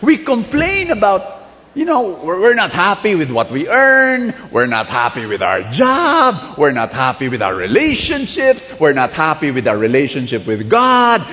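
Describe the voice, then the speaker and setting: A Filipino-accented man preaches with a high-set, animated voice that leaps across his range as he exhorts his listeners. His words carry a long reverb through a large hall. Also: normal speed. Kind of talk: sermon.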